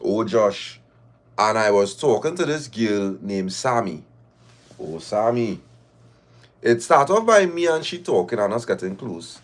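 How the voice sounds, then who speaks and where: A man's voice: lowish voice, very animated, a little slow. A man, hosting a live show and reading listener stories aloud with laughing, mock-outraged asides.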